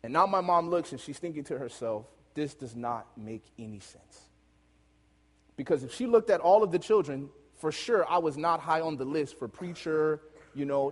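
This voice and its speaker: A man preaching and telling a lively personal story, laughing often as he goes. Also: fairly high pitch. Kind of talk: storytelling sermon. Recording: long hall reverb.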